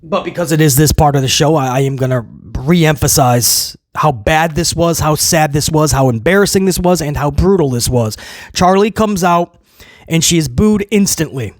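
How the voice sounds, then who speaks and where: A man's voice: on the high side, normal speed, dry recording, studio quality. A man giving a casual spoken review of a wrestling show, blunt and emphatic, piling up repeated phrases.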